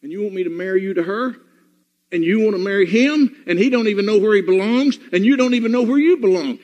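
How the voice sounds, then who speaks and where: A man's voice: high voice, quick pace, a little mellow. A man preaching a sermon, scolding his congregation in a fiery, repetitive way. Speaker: pastor. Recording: dull, reverberant hall recording.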